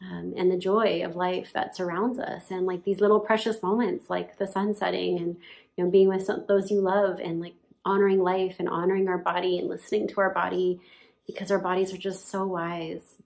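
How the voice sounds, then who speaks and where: Creaky-voiced young mom telling her story. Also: fairly low pitch, flat delivery, moderate pace, a little mellow. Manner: chatty, lots of "like", laughs often. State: nursing her baby while talking. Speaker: new mother telling her birth story. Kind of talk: casual personal storytelling.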